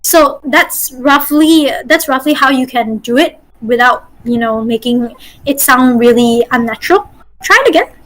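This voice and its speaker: A woman from Malaysia runs an online voice-acting class for tabletop players over a video call. Her voice sits high and light, and her speech is chatty and full of fillers as she coaches and corrects each player. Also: expressive, moderate pace, fairly bright tone, low-quality recording. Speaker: workshop host and dungeon master. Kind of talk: teaching an online voice-acting workshop.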